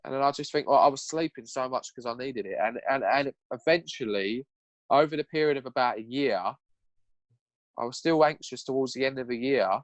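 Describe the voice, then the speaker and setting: Brisk and earnest, a young podcast guest with a middle-pitched voice gets candid about his personal life, his raw speech peppered with profanity. The recording is close and dry, without echo or room sound.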